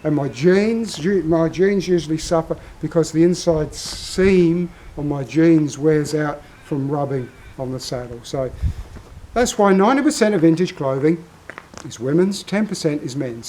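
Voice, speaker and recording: A man's voice: fairly high pitch, warm tone, low-quality recording. An older Australian man telling a long story in a casual vlog, drifting off on tangents. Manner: rambling, self-interrupting storyteller. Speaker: vlogger.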